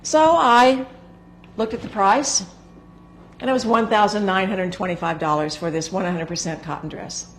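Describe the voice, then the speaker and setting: A woman hosting a sewing show, talking casually to the camera in a hoarse, gravelly voice, chatty and rambling with filler words. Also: medium pitch, moderate pace, a little hiss or hum. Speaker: sewing instructor and show host.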